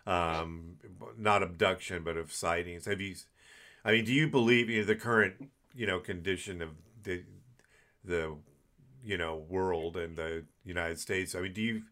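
A man hosting a casual interview podcast, giving relaxed, short encouraging replies and follow-up questions. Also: low voice, moderate pace. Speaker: podcast host.

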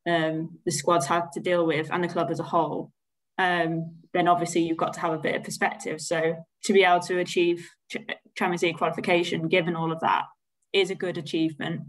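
Low, flat-voiced woman on a podcast. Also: a little fast, poor audio. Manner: rambling, many fillers and hedges. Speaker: podcast co-host. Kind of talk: casual football podcast chat.

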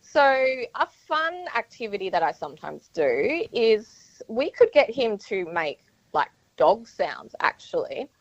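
A woman's voice: a little high, sing-song, measured pace, dry recording. A woman singing teacher calling in to a radio show, polite, upbeat and diplomatic. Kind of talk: phone call on radio. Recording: muffled phone line.

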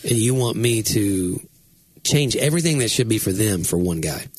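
A man, a pastor and podcast host, chatting casually in a rambling, self-interrupting, animated way. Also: lowish voice, moderate pace, husky, dry recording. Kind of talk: casual chat.

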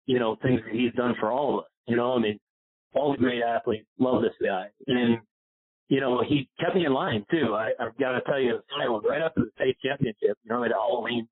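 A golf instructor from Pennsylvania, a man, telling rambling personal stories as an interview guest. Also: medium pitch. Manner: rambling, warm storytelling with many "you know"s. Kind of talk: casual storytelling interview. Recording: phone-like narrow sound.

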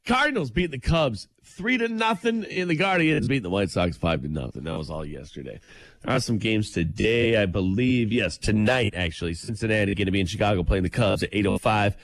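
A male morning show co-host in a radio studio, loose and playful as he banters. His pitch moves around a lot from line to line. The studio mic sounds close and dry. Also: sing-song, brisk, no echo. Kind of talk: casual radio banter and sports read.

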